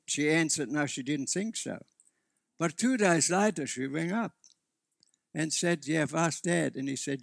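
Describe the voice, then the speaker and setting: A man's voice: a little high, vocal fry, dry recording, clean studio sound. A man preaching a sermon as pastor, earnest and often restarting his sentences. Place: church.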